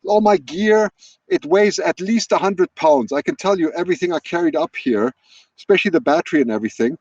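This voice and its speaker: Man, slightly high voice, chatty, thinks aloud, live stream, dry slightly dull audio. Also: a little fast, a little mellow, no room sound. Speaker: wildlife livestreamer. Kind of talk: live-streamed casual commentary. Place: outdoors on a hilltop. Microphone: external microphone at a laptop.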